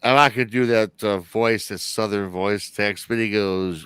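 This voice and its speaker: A man's voice: lowish voice, normal speed, few pauses, a bit bright, smooth, no room sound. A man from Michigan hosting a livestream, telling a story in a rambling, chatty way that often corrects itself. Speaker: host.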